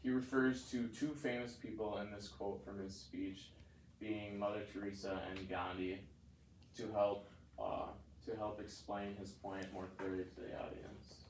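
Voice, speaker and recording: A young man giving a class presentation that analyzes a speech, halting and reading from notes. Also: on the low side, flat delivery, darkish tone. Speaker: student presenter. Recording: echoey room from a distance, light noise.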